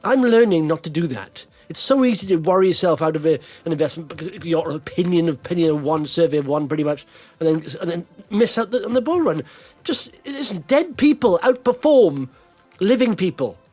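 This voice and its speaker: A man hosting a casual podcast, animated and teasing, talking in fits and starts. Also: fairly high pitch, quick pace, soft background music. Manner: animated, teasing, self-interrupting. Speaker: podcast host.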